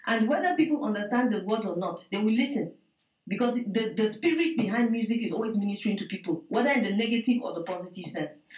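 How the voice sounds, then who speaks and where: A woman giving a spoken testimony to a prayer meeting over a video call, telling her story with lively acted-out dialogue. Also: medium pitch, fast, roomy sound, rough recording. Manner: animated storytelling, acts out dialogue, repeats "I said". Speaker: church member giving testimony.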